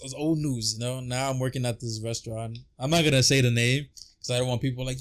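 A man's voice: mid-range voice, fairly even intonation, fast talker. A young man co-hosting a podcast, chatting in a laid-back, slangy way among friends. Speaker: podcast co-host. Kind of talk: casual podcast chat.

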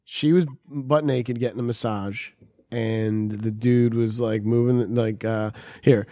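A man in a crude, casual podcast chat, profane and animated when he mimics other people. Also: mid-range voice, slow pace, dry recording, clean studio sound.

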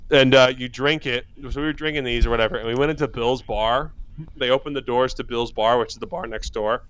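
A man's voice: mid-range voice, fairly even intonation, fairly quick, fairly bright tone, clear, resonant tone, no echo. A young man co-hosting a podcast, telling a bar story in a loose, rambling way. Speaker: podcast co-host. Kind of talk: casual chat.

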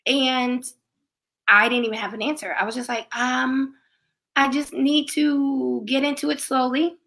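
Musical theater performer, forties, female, bright and higher-pitched, candid storyteller mid-recovery from throat surgery. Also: little pitch movement, measured pace. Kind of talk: casual conversation.

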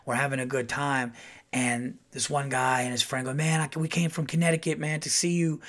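A middle-aged man telling a casual, animated story as a comedian hosting his podcast. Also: fairly quick. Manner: animated, acts out quotes in a louder higher voice.

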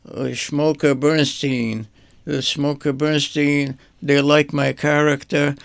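An older man speaks with a gravelly, rough edge and a flat, even delivery. He recalls his life in a halting, meandering way, often repeating a word before moving on. The recording is dry and close. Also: a little high, dry recording. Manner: halting, repeats words while searching for them. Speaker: artist guest. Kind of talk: rambling personal reminiscence.

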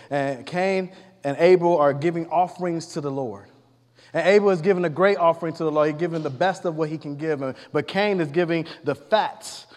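Man preaching casually in a reverberant hall. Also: a little high. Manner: retells scripture casually, acting out the characters' lines. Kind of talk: sermon.

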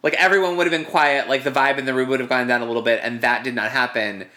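A man talks through a TV episode in a loose, animated ramble peppered with "like". His voice is bright and forward, and his pitch sits in a middle range. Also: fast talker. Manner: rambling and animated, full of "like" fillers. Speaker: podcast co-host. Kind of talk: casual TV recap chat.

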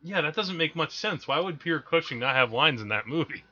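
A man's voice: on the high side, expressive, fairly quick, pushed and bright, slightly rough. A man co-hosting a film podcast, rambling and correcting himself as he goes, often laughing at his own stories, on dull lo-fi audio. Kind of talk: casual chat about films.

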